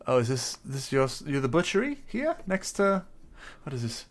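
A man's voice: mid-range voice, sing-song, moderate pace. A man playing his character in a tabletop game, hesitant and fussily polite, stammering often. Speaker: player.

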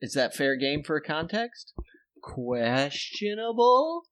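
A man's voice: a little high, expressive, no room sound. A man hosting a podcast, rambling through casual comedic banter and laughing often. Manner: jokey, rambling, quick to laugh. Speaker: podcast host.

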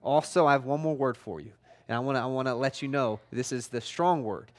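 A pastor preaching a sermon in a casual, conversational way, full of "like", and pressing his points bluntly and forcefully. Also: mid-range voice, fairly quick. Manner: conversational and emphatic, heavy use of "like".

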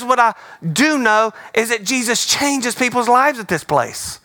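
A man's voice: extremely high pitch, lively intonation, a little slow, sharp tone, no echo. A man preaching as a pastor, conversational and emphatic, repeating his key words. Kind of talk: sermon.

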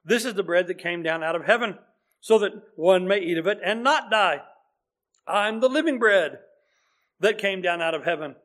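High-voiced man preaching a sermon. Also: animated, moderate pace, a bit bright. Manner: earnest, conversational preaching with scripture reading.

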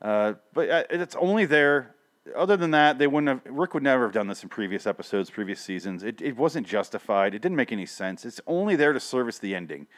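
A man's voice: mid-range voice, expressive, a little fast. A man hosting a casual TV review show, rambling and swearing, often stopping mid-sentence to restart. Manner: rambling, profane, self-interrupting. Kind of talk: casual solo review chat.

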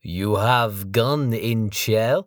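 A man voicing a huge, brash Mongolian enforcer who speaks slow, broken English with a mocking edge. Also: lowish voice, dry recording, clean studio sound, voice pushed up.

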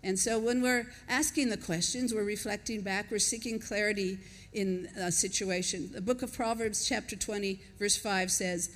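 An older American woman with an accent softened by decades abroad gives a conversational sermon. Her voice sits at a middle pitch. She tells stories and laughs along with her listeners, and a long reverb from a large church hall surrounds her words. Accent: American, softened by years in Australia. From United States. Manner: conversational, storytelling, laughs with the congregation. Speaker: pastor. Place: church auditorium.

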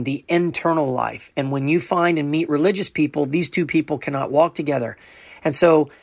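A man's voice: a little high, dry recording. A man who runs an online ministry, sharing a personal testimony in an earnest, storytelling way and often acting out other people's voices.

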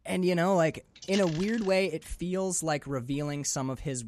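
A man talking casually about a movie, animated and swearing freely, often acting out the characters' lines. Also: fairly high pitch, moderate pace, a little hiss or hum. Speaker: podcast co-host.

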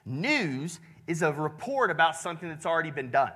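Pastor guy, high bright voice, chatty sermon, lots of restarts. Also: very animated, fairly quick, husky. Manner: conversational, with many restarts and "right?" checks.

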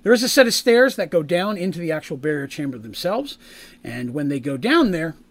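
Male game master, slightly high voice, rambly, filler-heavy, builds drama in narration. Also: big pitch swings, a little fast. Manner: rambling, with many fillers and restarts; rises in pitch and volume for dramatic scene-setting.

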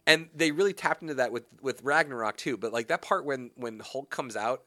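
Brisk and casual, a young man hosting a radio talk show in the studio rants with growing animation, pitch and volume climbing. No room sound is audible.

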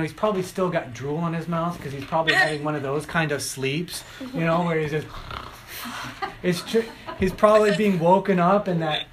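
A middle-aged man preaching a sermon, telling stories and acting out quotes with lively shifts. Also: on the high side, a little hiss or hum, rough recording. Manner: animated storytelling, acting out quotes.

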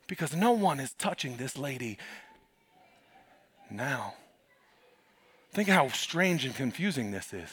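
A male pastor preaching a sermon in a church, telling the story dramatically and swinging from hushed to loud. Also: medium pitch, very animated, takes it slowly, pauses often, husky.

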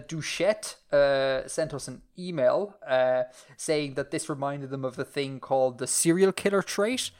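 A man with an Irish accent hosting a podcast, rambling through casual chat with lots of fillers and restarts. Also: medium pitch. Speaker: podcast host.

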